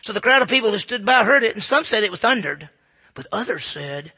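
Male pastor, sermon delivery, gravelly husky voice, swings between loud and hushed. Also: high voice, animated, fairly quick. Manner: impassioned, swinging from loud calls to hushed near-whispers.

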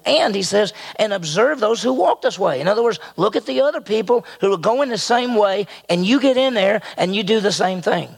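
An older male pastor delivers a sermon in a high, gravelly voice. He is animated and acts out the quotes he tells with sudden jumps in pitch. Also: a little fast, hardly any pauses.

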